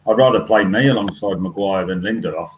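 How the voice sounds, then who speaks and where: A man's voice: low voice, fast talker, a little hiss or hum, poor audio. A man on a fan podcast panel who talks bluntly and wryly, with frequent fillers. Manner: blunt, wry, with many fillers.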